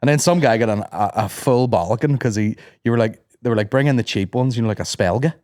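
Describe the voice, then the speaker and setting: A man, a podcast guest cracking deadpan jokes in casual chat. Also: mid-range voice, quick pace, no room sound. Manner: dry deadpan quips, bursts into shouted impressions.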